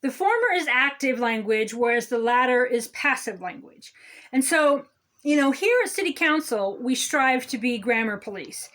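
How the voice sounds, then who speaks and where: A woman's voice: high-pitched, lively intonation, normal speed, fairly bright tone. A woman playing a smug, condescending male city councilman who lectures on grammar in a satirical comedy monologue. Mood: smug lecturing. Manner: condescending, lecturing, repeats "okay?".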